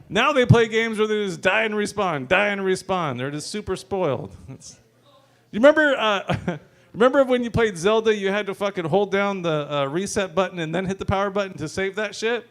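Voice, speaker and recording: A man's voice: high voice, lively intonation, normal speed, fairly bright tone. A man in his thirties hosting an open mic and doing a loose stand-up set, joking, swearing and chuckling between lines on a handheld stage mic.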